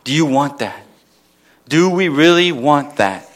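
Man preaching a sermon, slightly high voice. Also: animated, a little slow, a bit bright. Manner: rhetorical questions to the crowd, building to emphatic peaks.

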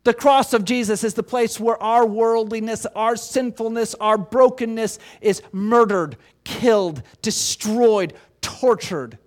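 Man, very high voice, pastor's sermon, emphatic, rhetorical questions. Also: a little slow, hardly any pauses.

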